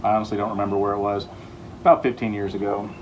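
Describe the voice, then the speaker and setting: A man hosting a home renovation vlog, telling jokes and stories in a playful, deadpan way. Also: fairly low pitch, quick pace, very echoey, recorded from a distance, muffled recording, a little hiss or hum. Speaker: host of a home renovation show. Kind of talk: joking storytelling while renovating.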